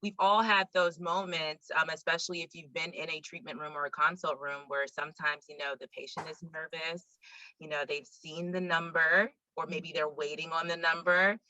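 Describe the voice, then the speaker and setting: A woman's voice: low-pitched, steady tone, normal speed, sharp tone, no echo, highs cut off. A woman hosting a webinar, moving between speakers in a casual way with many fillers. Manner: casual, filler-heavy transitions. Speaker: webinar host. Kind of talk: webinar moderation.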